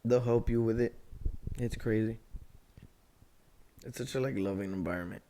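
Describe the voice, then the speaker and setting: A man's voice: medium pitch, normal speed, mellow. A young man co-hosting a podcast in casual chat, laid-back and drawling, swearing casually as he talks. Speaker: podcast co-host.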